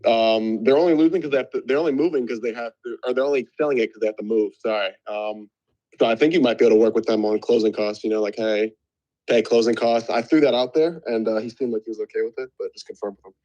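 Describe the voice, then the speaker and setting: A man reporting back in casual talk, quick and hesitant with many fillers. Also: mid-range voice, dark tone. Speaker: caller reporting on a seller. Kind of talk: casual conversation. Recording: dull, muffled sound.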